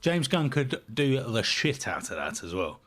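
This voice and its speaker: A young man bantering as a podcast co-host, jokey and playful. His pitch bounces around with lots of lift and fall. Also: very animated, unhurried, fairly bright tone. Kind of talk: casual chat.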